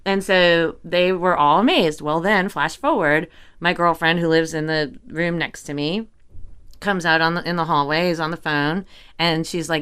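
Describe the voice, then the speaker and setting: Podcast co-host, a woman in her forties from Brooklyn, low smooth voice, a lively storyteller. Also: normal speed. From Brooklyn, New York. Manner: animated storyteller, acts out quotes. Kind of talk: casual chat.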